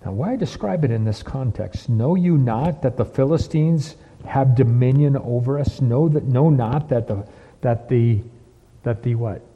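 A man preaching from the pulpit, his dark, husky voice rolling out in long questions he repeats again and again. The sound is dull and lo-fi, with a long hall reverb behind every word. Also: mid-range voice, unhurried. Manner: preaching with heavy repetition and rhetorical questions. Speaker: pastor. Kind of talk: sermon.

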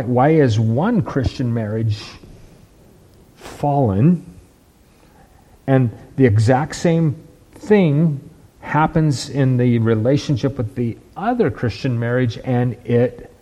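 Guy preaching a sermon, warm mellow husky voice, keeps asking right? okay?. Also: mid-range voice. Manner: emphatic, checks in with "right?" and "okay?"; repeats and restarts words while building points.

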